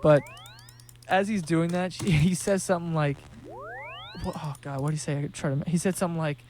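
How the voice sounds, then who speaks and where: A man's voice: on the high side, a little fast, a little hiss or hum. Laughing man telling a wild story. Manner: animated, laughing, swearing freely. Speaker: gaming streamer. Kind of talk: casual storytelling while playing a game.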